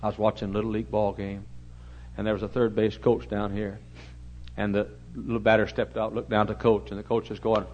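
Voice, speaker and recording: A man preaching a storytelling sermon in a church, talking animatedly and getting suddenly loud when he acts out shouted commands. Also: lowish voice, little pitch movement, fairly quick, dull audio. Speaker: pastor.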